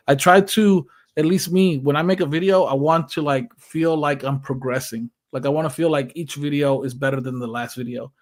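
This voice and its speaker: A man co-hosting a casual podcast, speaking in an earnest, reflective way. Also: medium pitch. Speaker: podcast co-host.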